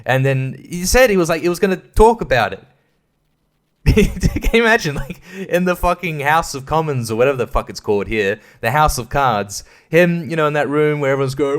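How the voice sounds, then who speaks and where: A man's voice: on the high side, lively intonation, a little fast. An Australian man hosting a solo podcast, rambling casually with lots of swearing and stumbling restarts. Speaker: podcast host.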